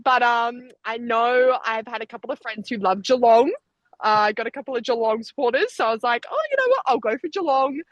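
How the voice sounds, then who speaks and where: A young Australian woman in her twenties, chatting casually as an athlete guest, quick and talkative with frequent laughter. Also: fairly high pitch, animated, no echo, highs cut off. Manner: chatty, laughs often, fast bursts. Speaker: Olympic sprinter, guest. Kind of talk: casual interview chat.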